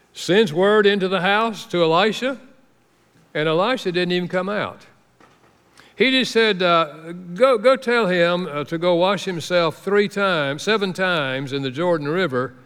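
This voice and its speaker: A man's voice: fairly high pitch, a bit bright. A middle-aged man preaching a sermon as pastor, telling stories and acting out the voices of the people he quotes. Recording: long hall reverb.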